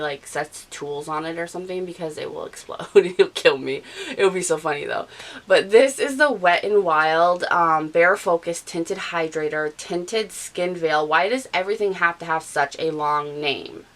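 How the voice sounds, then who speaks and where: A chatty beauty vlogger in her thirties rambles through her makeup routine while applying it. Her voice sits on the low side and has a fairly bright tone, but allergies make it nasal and stuffy. The audio is poor.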